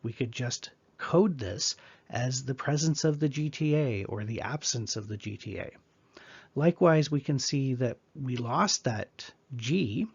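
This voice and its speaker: A man's voice: medium pitch, expressive, measured pace, a little mellow, breathy edge, lo-fi sound. A man teaching biology in a conversational, explanatory lecture with casual asides. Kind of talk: recorded lecture.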